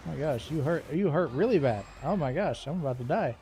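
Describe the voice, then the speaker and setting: A man's voice: fairly high pitch, animated, a little fast, few pauses, mellow, slight background noise. A man streaming a video game, giving chatty, jokey commentary and laughing often. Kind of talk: casual gameplay commentary.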